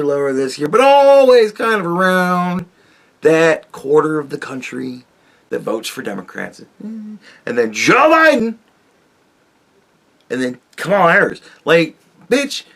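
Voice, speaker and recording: A man on his own show, ranting and swearing about politics. His pitch jumps all over, swinging from loud, high outbursts to low mutters. His voice sits a little high for a man. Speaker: podcast host.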